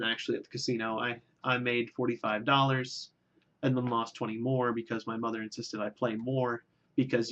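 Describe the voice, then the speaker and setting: A man's voice: mid-range voice, little pitch movement, moderate pace, fairly bright tone, dull audio. A man delivering a rambling, self-deprecating comic monologue, with lots of filler words and restarts. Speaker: vlogger.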